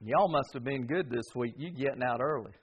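A man's voice: mid-range voice, fairly quick, slight background noise. A man preaching a sermon, getting the congregation to repeat words back and hammering key words through repetition. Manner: call-and-response with congregation, emphatic repetition.

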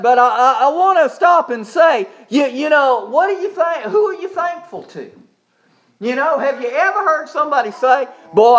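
A pastor preaches a sermon in a church service, his voice very high-pitched and fairly bright, with the highs cut off. He repeats points emphatically, reads from the Bible, leads a spoken prayer, and asks the congregation to repeat after him.

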